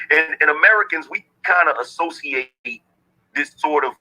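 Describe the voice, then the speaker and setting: A man with a very bright, sharp, husky voice, pitched a bit high, arguing his point in a casual discussion. He's blunt and profane and keeps checking that you follow him. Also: brisk, low-quality recording. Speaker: guest on a discussion show.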